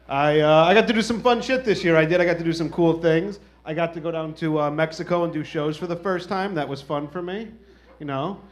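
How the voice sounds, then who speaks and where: A man in his thirties doing a stand-up comedy set, telling stories in a casual, profane, wry way. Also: a little high. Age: 30s.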